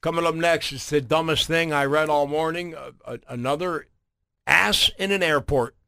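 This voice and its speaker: A man hosting a morning radio show, telling a story in a relaxed way and often repeating words. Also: a little high, moderate pace, creaky, smooth. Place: radio studio. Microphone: studio microphone.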